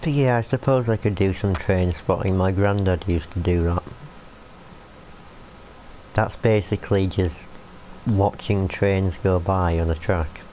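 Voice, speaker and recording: A man's voice: sits low, measured pace, long pauses, warm tone. A young man rambling in casual chat while streaming a train game, talking to the characters on screen. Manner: rambling, chatty, talks to the game. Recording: muffled lo-fi, faint hiss.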